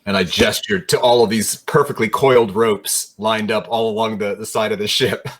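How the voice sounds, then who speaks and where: A man playing a tabletop game, speaking hesitantly with soft fillers. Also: lowish voice, fairly even intonation, normal speed. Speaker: player. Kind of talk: tabletop role-play.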